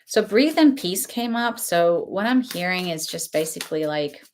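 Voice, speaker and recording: A woman's voice: fairly low pitch, expressive, normal speed, a little mellow, a little hiss or hum. A young adult woman giving a casual, rambling oracle card reading, chatty and often laughing between thoughts. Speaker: tarot reader.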